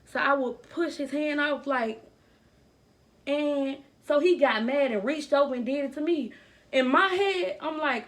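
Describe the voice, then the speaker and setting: A young woman recounts a personal story in a storytime vlog, her voice sitting a little high. She talks earnestly and with open emotion. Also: measured pace. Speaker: vlogger telling a personal story.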